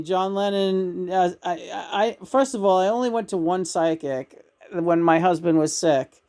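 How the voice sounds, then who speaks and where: A woman's voice: on the low side, unhurried, warm tone. A woman sharing a personal story in a loose, chatty way. She gets emotional easily and laughs often, with lots of restarts. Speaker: channel and vlogger.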